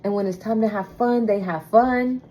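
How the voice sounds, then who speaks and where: A woman's voice: mid-range voice, moderate pace, dark tone, muffled recording. A woman giving a casual spoken tarot reading, talking bluntly and emphatically with plenty of swearing. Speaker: tarot reader.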